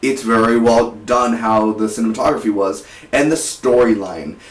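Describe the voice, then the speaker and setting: A man's voice: mid-range voice, moderate pace, far from the mic. Teen man, casual rambling reviewer; roomy, off-mic recording. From South Texas. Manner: energetic, rambling, frequent restarts. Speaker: movie reviewer. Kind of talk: casual movie review vlog. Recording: roomy, voice set back from the mic.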